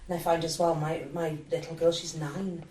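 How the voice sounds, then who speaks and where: Woman in her 30s from the UK, very low voice, measured, echoey room. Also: level tone, mellow, slight background noise. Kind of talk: casual panel discussion. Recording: roomy, distant mic.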